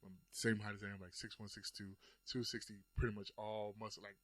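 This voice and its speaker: A man chatting casually as a podcast guest, telling stories with lively energy and acting out the quotes. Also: on the low side, brisk, no echo. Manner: animated storytelling, acts out quotes. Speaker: guest storyteller.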